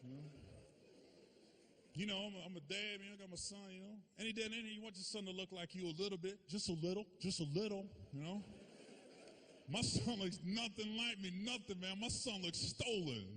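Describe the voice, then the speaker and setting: A man telling profane, animated stories in a stand-up comedy set. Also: high voice, brisk, a little hiss or hum.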